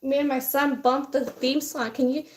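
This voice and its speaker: A woman's voice: high voice, steady tone, normal speed, a little hiss or hum. A young woman streaming casually from home while doing her makeup, chatty and blunt, swearing without fuss.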